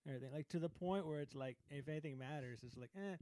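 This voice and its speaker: A man's voice: a little high, rapid-fire, dark tone, no echo. A man co-hosting a podcast in casual chat, laughing often and murmuring agreement. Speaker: podcast co-host.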